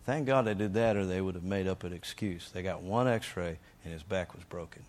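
A man preaching, telling a testimony story in an emphatic, energetic way and acting out the lines he shouted. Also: low-pitched, fairly quick.

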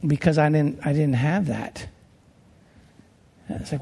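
Male pastor from Pennsylvania, storytelling sermon, gravelly voice, long church reverb. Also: a little high, takes it slowly, warm tone. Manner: earnest, conversational, with restarts.

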